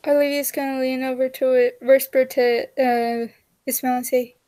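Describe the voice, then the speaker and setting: A woman's voice: sits high, little pitch movement, warm tone, no echo. A woman player describing her character's actions casually in a tabletop game. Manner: casual, halting with fillers. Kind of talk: tabletop role-play narration.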